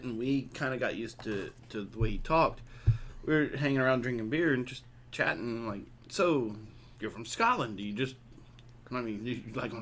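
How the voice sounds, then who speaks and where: A man's voice: medium pitch, fairly bright tone. Laughing Texan man rambling in chat. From Texas. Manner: rambling, laughing storyteller with many restarts. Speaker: podcast co-host. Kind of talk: casual chat.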